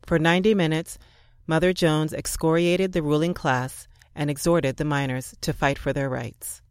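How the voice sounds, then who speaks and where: A man reading a scripted historical narration in a measured, earnest way. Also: fairly high pitch, fairly even intonation, clear, resonant tone, no echo, poor audio.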